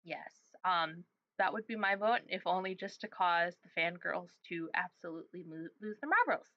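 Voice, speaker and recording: A woman's voice: on the low side, fairly even intonation, normal speed, no room sound. A woman hosting a casual chat, speaking in a laid-back, playful way with frequent fillers. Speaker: podcast host. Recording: dull, slightly muffled sound.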